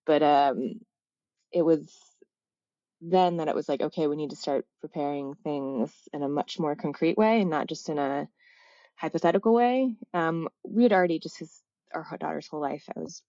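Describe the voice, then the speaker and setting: A woman in her thirties telling a personal story as a podcast guest, halting and reflective, full of "like" fillers and self-corrections. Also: low-pitched, mellow, no room sound, lo-fi sound. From United States. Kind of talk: candid personal storytelling in a casual interview.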